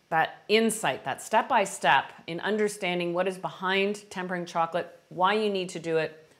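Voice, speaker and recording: A woman's voice: medium pitch, a bit bright. Chatty woman teaching a baking class. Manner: friendly, chatty, answers viewer questions. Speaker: baking instructor. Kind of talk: live-stream cooking lesson.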